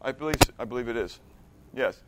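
Over background noise, a man with a mid-range, lively voice teaches an interactive Bible class at a fairly quick pace. He reads scripture emphatically, often repeats or restarts words, and conversationally stops to confirm understanding.

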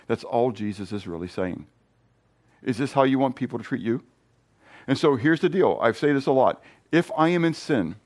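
A man preaching a sermon in an animated, conversational way. He jumps between quiet, low stretches and loud, playful bursts, often restarting or repeating words mid-thought. His voice sits at an ordinary middle pitch. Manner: lively preaching with playful asides and sudden swings in loudness. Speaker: pastor.

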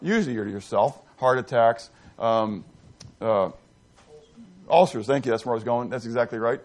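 A man preaching an interactive sermon, quizzing his listeners and swinging between loud emphasis and hushed asides. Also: mid-range voice, moderate pace. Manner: animated, questions the congregation, dramatic swings from loud to hushed. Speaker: pastor.

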